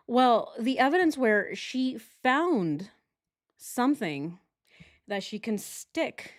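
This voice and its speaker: A woman's voice: fairly high pitch, expressive, slow pace. A woman hosting a true crime reaction video, chatting casually in a sarcastic, emphatic way.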